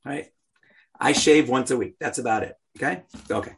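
A man teaching a scripture class, chatty and animated, joking in asides and chanting verses aloud. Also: mid-range voice, moderate pace, vocal fry, husky.

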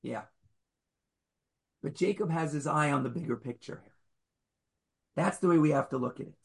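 A man giving a Torah lecture in a conversational, animated way, joking with his listeners and acting out the people in the story. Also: normal speed, vocal fry, slightly rough. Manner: animated, acts out the figures with sudden jumps in pitch and loudness; conversational, jokes with the audience.

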